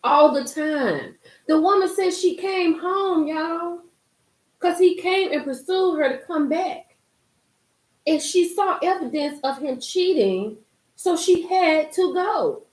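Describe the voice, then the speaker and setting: A woman hosting a casual live-stream commentary, emphatic and animated, reading and reacting to viewer comments. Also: very high voice, slow. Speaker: YouTube commentary host. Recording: roomy echo.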